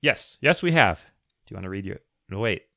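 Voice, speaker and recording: Brief: male co-host, low gravelly voice with a bright edge, casual chat, reads letters, dry sound. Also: animated, a little fast, no room sound. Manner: reads listener questions aloud, jokey. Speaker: podcast co-host.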